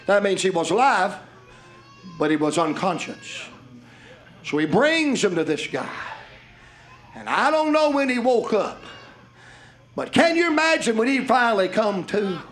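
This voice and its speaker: A man preaching a sermon in a fervent, folksy way, often shouting his lines. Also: high-pitched. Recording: live church sermon with congregation audible. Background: congregation.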